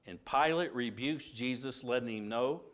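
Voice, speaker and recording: Man, Bible teacher, mid pitch, conversational lesson, dramatic retelling, loud and hushed turns. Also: normal speed. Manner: conversational, with restarts and asides.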